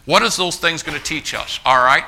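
Forceful, bright-voiced male preacher. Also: on the high side, a little fast. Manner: emphatic preaching, often restarting phrases and calling out to the congregation as folks. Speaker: pastor. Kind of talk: sermon.

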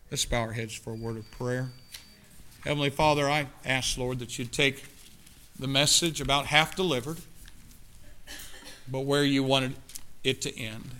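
Fervent preacher with a bright, forceful voice. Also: male voice, mid-range voice, steady tone, unhurried, pauses often. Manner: swings between loud fervent exclamations and quiet earnest speech; recites verse and poetry from memory. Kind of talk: sermon.

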